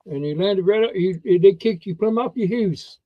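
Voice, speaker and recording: A man's voice: sits high, normal speed, no echo, lo-fi sound. A man co-hosting a live chat, teasing and repeating words for laughs. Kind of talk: joking casual chat.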